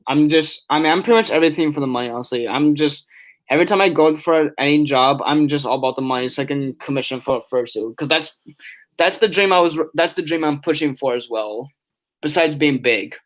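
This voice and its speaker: A man's voice: on the high side, a little fast. A tired young man chatting on a casual live stream, reading chat aloud and rambling with many restarts and fillers. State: yawning, tired.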